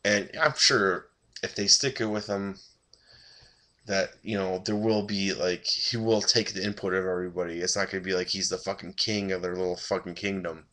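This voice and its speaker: A man's voice: sits low, fairly even intonation, moderate pace, sharp tone. A tired man giving a rambling, blunt and profane casual review of a TV episode.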